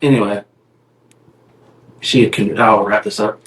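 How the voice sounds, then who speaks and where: A man's voice: fairly low pitch, steady tone, unhurried, fairly bright tone, low-quality recording. A man co-hosting a podcast, telling a family story in casual chat, rambling with restarts and fillers. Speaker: podcast co-host.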